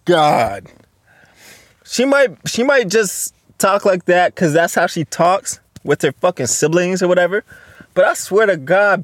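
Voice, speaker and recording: A man in his twenties hosts a solo podcast, reading posts aloud and reacting loudly, bluntly, and with plenty of profanity. His voice sits high and animated but unhurried, recorded dry with clean studio sound.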